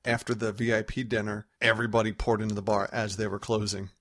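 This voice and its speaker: A man's voice: fairly low pitch, level tone, fast talker, fairly bright tone, dry recording, clean studio sound. A man in casual podcast chat, rambling with restarts while telling a story. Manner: rambling, with frequent restarts and laughs. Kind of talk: casual chat recounting a convention trip.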